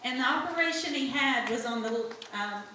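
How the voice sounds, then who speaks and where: A woman's voice: sits high, lively intonation, moderate pace, pushed and bright, a little hiss or hum. A middle-aged woman giving an earnest church testimony, speaking straight to the congregation. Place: church sanctuary. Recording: echoey sanctuary from far off.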